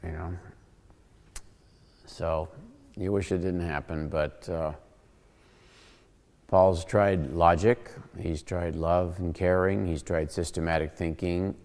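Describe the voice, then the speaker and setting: A man's voice: sits low, slow pace, pauses often, long reverb tail. A man hosting a casual Bible teaching show, joking and acting out quotes as he explains. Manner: animated, joking, acts out quotes.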